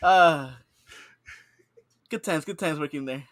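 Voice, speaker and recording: A young man with a fairly high voice tells a story on a podcast, animated and swearing freely. He acts out the people in his tale. The sound is close and dry, with no room in it. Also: slow, dry recording. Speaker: podcast co-host. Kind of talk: casual storytelling chat.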